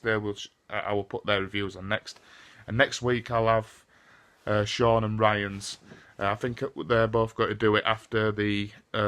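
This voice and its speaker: A man with a Northern English accent giving a casual football season review on his vlog. He talks bluntly and swears often, rambles, and keeps repeating the same stock phrases. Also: mid-range voice. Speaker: football fan vlogger.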